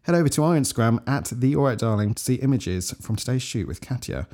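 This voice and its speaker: A man's voice: mid-range voice, animated, quick pace, a little mellow. A man co-hosting a podcast in casual chat, playful and crude, often laughing. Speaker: podcast co-host.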